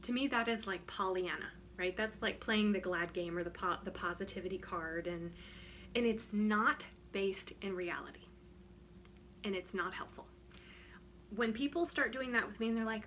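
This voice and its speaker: A woman's voice: mid-range voice, normal speed, a bit bright, slight background noise. A woman wellness coach talking casually and frankly to the camera, emphatic and often checking in with "right?". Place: home studio.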